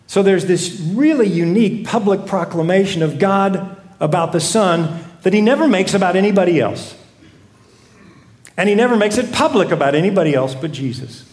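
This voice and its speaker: Preaching at a moderate pace, a pastor uses stories and a string of repeated rhetorical questions. His voice sits high with a darkish tone and wide pitch movement, heard in an echoey room.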